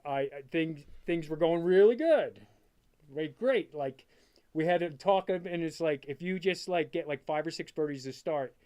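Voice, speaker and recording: A middle-aged man, a father, telling a story as a guest in a casual interview, animated and full of "like" fillers, acting out what he said. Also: a little high, smooth. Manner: animated, quick storyteller, full of "like" fillers, acts out his own past lines. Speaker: guest, father of a disc golf player.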